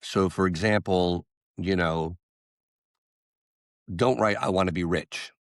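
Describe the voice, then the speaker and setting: A man, a singer-songwriter guest on an interview podcast, telling a story and acting out the quotes with lively jumps in voice. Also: low-pitched, slow pace, dry recording, studio quality.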